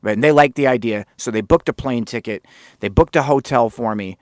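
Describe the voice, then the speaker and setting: A man hosting his own podcast, telling a story in a casual, animated way and swearing freely. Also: medium pitch, fairly quick, no room sound, studio quality. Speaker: podcast host.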